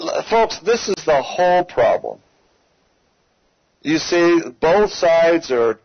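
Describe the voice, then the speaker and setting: Radio host guy ranting slow and heavy, keeps saying folks, kinda high voice, dull lo-fi sound. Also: husky, no echo. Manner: emphatic ranting, repeatedly addresses listeners as folks. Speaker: radio talk show host. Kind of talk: opinion commentary monologue.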